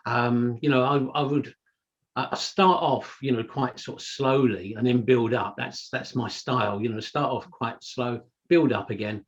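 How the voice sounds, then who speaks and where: A man's voice: medium pitch, fairly even intonation, normal speed. Chatty man, muffled call audio. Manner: chatty, anecdotal, frequent "you know". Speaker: podcast co-host. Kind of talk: casual chat.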